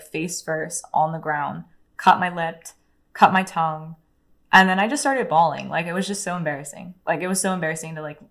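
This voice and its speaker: A young woman, an interview guest, speaks in a somewhat low voice. She tells her story casually and frankly, swears freely and fills her sentences with "like". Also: a bit bright. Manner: candid, profane, heavy use of "like".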